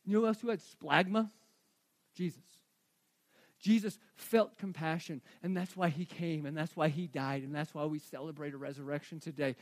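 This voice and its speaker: A man in his forties, a pastor preaching a sermon, animated, swinging from hushed to loud. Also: on the high side, normal speed.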